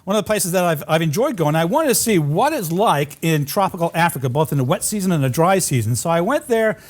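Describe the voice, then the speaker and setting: A male professor lecturing in a hall, his voice sitting high and swinging widely in pitch. He tells travel stories over slides in an animated, storytelling way. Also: quick pace. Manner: animated anecdotes with audience laughter. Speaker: college geography professor giving a lecture.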